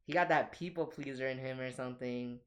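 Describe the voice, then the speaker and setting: A woman's voice: a bass voice, a little fast, highs cut off. A young woman co-hosting a casual chat, telling stories and acting out quotes in changing voices. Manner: storytelling, acts out quotes in shifting voices. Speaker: podcast co-host.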